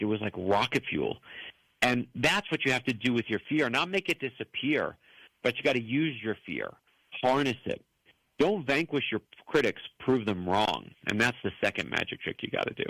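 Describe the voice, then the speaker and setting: Animated storytelling man, bright dry voice. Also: lowish voice, dry recording, rough recording. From United States. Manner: animated storyteller who acts out quoted voices. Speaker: author guest. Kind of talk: storytelling interview answers.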